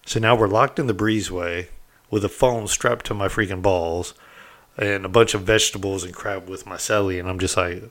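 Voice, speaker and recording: Low-voiced middle-aged man telling a wild story. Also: normal speed. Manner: candid and animated, peppered with "right?" and mild cursing. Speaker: storyteller recounting prison life. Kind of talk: casual anecdotal storytelling.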